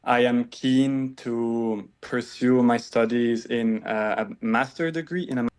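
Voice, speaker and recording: A man answering speaking-test questions with hesitant, formal phrasing. His voice is smooth and resonant. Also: mid-range voice, fairly even intonation, takes it slowly, a little mellow. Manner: hesitant, formal phrasing with small grammar slips. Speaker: test candidate.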